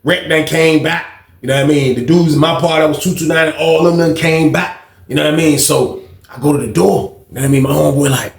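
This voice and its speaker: A man's voice: a little high, steady tone, fast, creaky. A man telling a story from his own life in a casual, slangy way, often checking in with his listener. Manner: street slang, keeps asking "you know what I mean". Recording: roomy echo.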